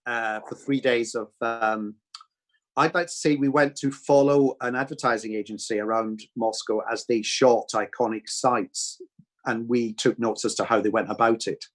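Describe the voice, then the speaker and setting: A man's voice: medium pitch, steady tone, moderate pace. Man musing on his filmmaking process. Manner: thoughtful, explains at length with many restarts. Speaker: film director. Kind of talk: reflective Q&A chat.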